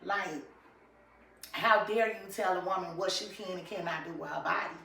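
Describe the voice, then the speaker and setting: Woman vlogger, bright forceful voice, echoey room off-mic. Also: on the low side, moderate pace, gravelly, distant mic, a little hiss or hum. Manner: animated, talks straight to viewers. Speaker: YouTube vlogger. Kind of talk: casual commentary chat.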